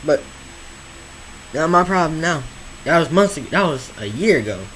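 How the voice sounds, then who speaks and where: A man's voice: fairly high pitch, expressive, fairly bright tone, a little hiss or hum, rough recording. A teenage boy vlogging casually, rambling and repeating himself with slang. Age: teens. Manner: rambling, slangy, repeats words, drawls some phrases slowly. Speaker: YouTuber. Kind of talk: casual vlog monologue.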